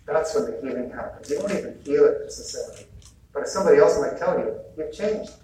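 A man's voice: on the high side, fast talker, mellow, slight background noise. Man giving an echoey talk from afar. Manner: conversational, chuckles often, acts out quoted dialogue. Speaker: retreat speaker. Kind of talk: informal talk on healing and faith. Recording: echoey hall mic from a distance, faint ambience.

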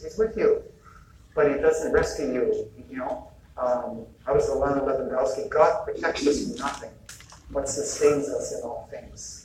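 At a retreat, a man with a medium-pitched voice gives a casual spiritual talk on healing, chuckling often and acting out snippets of dialogue. The hall mic sits at a distance, so the sound is echoey, with faint ambience and some background noise.

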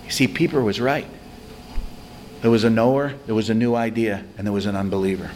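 A man giving a conversational, self-deprecating spiritual talk to a recovery group, telling stories with animated energy. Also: fairly low pitch, a little fast, a little hiss or hum. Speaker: recovery meeting speaker.

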